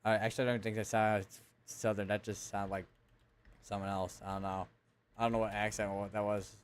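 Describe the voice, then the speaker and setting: A man's voice: lowish voice, little pitch movement, a little fast, smooth. Man reading storm reports on a live stream. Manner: thinks aloud, reads town lists, corrects himself often. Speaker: severe weather streamer. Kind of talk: live weather coverage commentary.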